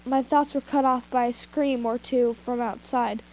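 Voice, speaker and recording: Warm and high-pitched, her fairly even delivery moves at a moderate pace with few pauses. She's reading fanfiction aloud casually on a phone, with rough audio, occasionally stopping for asides or to retake a line.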